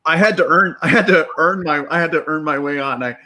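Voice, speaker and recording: A middle-aged actor telling a long anecdote as a guest, animated and acting out the dialogue. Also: male voice, a little high, fairly quick. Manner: animated, acts out dialogue in quotes. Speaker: actor guest on a reunion show. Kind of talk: anecdotal storytelling.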